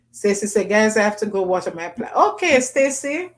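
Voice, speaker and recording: A woman's voice: mid-range voice, expressive, brisk, hardly any pauses, loud music behind the voice, poor audio. A woman hosting a casual livestream, chatting and reading out viewer comments with patois phrasing. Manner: chatty, laughs often, Jamaican patois phrasing. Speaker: livestream host.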